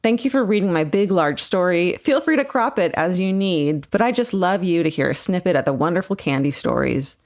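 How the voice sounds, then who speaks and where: Woman co-host, slightly low voice, animated casual reader of listener mail. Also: brisk, few pauses. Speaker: podcast co-host. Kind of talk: casual podcast chat, reading a listener email.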